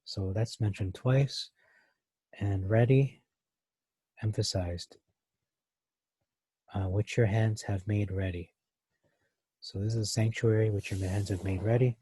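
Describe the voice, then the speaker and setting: A man's voice: on the low side, steady tone, slow, pauses often, mellow, husky, no echo. A man teaching a verse-by-verse Bible study, thinking aloud with many fillers and restarts.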